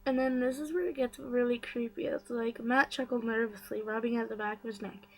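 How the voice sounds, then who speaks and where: A woman vlogger retells a story in a slightly high voice. She is chatty and gossipy, and her talk is full of fillers and quick side comments. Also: steady tone, low-quality recording. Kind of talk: casual story recap.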